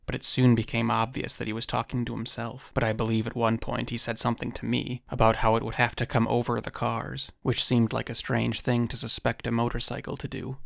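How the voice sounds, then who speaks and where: A man narrating a first-person encounter story in a measured storytelling manner with dry asides. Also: mid-range voice, creaky, no room sound.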